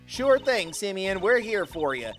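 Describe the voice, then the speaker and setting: A man's voice: high voice, a little slow, soft background music, heavily acted. A man voicing an eager, playful young female thief in a video game. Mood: upbeat. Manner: excitable and bouncy.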